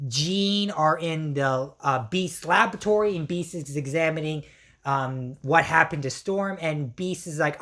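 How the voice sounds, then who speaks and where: A woman reviewer giving an excited, casual recap, her voice strained from yelling. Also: low-pitched, unhurried. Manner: excitable, many fillers and slang.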